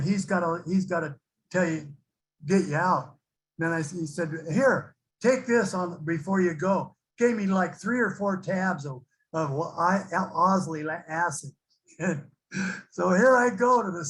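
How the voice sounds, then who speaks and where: A man's voice: sits high, creaky, fairly bright tone, low-quality recording. An older man sharing his recovery story with a support group, rambling and laughing as he acts out the people in it. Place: online recovery meeting.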